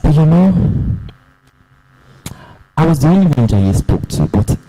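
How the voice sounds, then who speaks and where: A young man performing a dramatic spoken-word story in an animated, theatrical way. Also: a little high, a little slow, slightly rough, rough recording. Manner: animated, theatrical, voices the characters.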